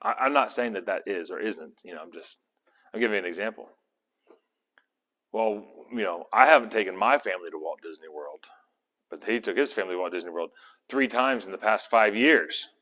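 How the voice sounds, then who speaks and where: A man's voice: fairly low pitch, a little fast, pushed and bright. Rambling conversational man teaching in a hall. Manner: conversational, rambling, self-correcting. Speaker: Bible study teacher. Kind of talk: casual Bible study teaching. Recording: long hall reverb.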